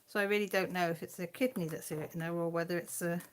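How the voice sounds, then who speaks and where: A woman with an English accent hosting a casual live chat from home, rambling and quick to laugh. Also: lowish voice, fairly even intonation, smooth. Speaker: craft channel host.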